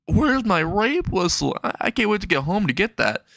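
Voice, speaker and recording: A man's voice: sing-song, normal speed, gravelly, fairly bright tone, no room sound, studio quality, exaggerated voice. A man voicing a frantic teenage boy hero who squeals for help. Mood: panicked. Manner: shrill, pleading.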